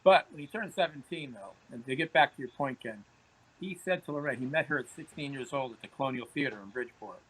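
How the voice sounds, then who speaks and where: A man's voice: mid-range voice, fast talker, a bit bright, slightly rough, poor audio. A man, a podcast guest telling anecdotes in conversation, often repeating words as he starts phrases. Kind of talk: storytelling in conversation.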